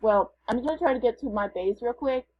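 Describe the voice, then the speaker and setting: A woman's voice: fairly high pitch, a little fast, slightly rough, highs cut off. A woman gamer giving casual, playful commentary as she plays, chatting and thinking aloud. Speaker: gamer vlogger.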